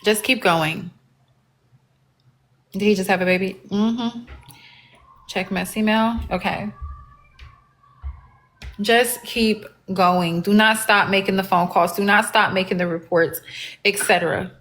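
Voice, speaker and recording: A woman's voice: medium pitch, fairly even intonation, normal speed, fairly bright tone. Blunt, profane woman livestreamer. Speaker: livestream host. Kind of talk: casual live-stream commentary.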